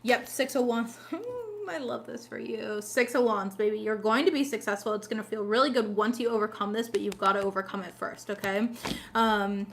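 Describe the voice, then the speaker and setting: A woman's voice: mid-range voice, steady tone, brisk, a little hiss or hum. A woman doing a casual tarot reading in a chatty, blunt and sassy way, swearing freely and laughing often. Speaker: tarot reader.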